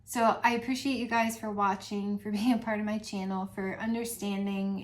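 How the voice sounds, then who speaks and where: A middle-aged woman talking casually to her channel's viewers, soft-spoken, with many pauses and frequent little laughs. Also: mid-range voice. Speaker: channel host. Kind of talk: casual vlog chat to viewers.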